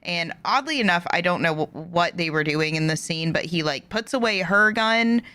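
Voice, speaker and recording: A woman hosting a reaction video, giving animated, opinionated commentary that rises when she gets passionate. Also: on the low side, moderate pace, no echo.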